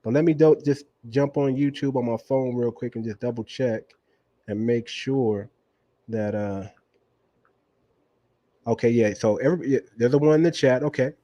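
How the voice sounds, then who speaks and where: A relaxed man hosts a livestream, talking casually to his viewers in a mellow, dark-toned voice. The sound is dull and lo-fi, like stream audio. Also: medium pitch, moderate pace, long pauses, dry recording. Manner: laid-back, talks straight to the viewers and checks the stream. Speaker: livestream interview host.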